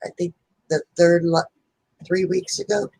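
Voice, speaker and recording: A woman's voice: on the low side, level tone, unhurried, creaky, dark tone, poor audio. A woman talking casually as a guest on a live stream, chatty and friendly, trailing off mid-thought. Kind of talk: casual chat.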